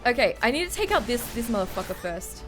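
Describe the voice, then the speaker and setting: Her voice a little high and sing-song, a tipsy woman rattles off fast live commentary while gaming. She curses, mutters to herself and to chat, and occasionally lets out panicked shrieks, all over clearly audible game music.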